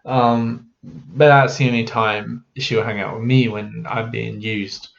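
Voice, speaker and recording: Male vlogger, candid and unpolished, average pitch, muffled lo-fi audio. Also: flat delivery, creaky. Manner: frank, halting, with many "you know" and "um" fillers. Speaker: mental health vlogger. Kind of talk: candid personal talk to camera. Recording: dull lo-fi audio.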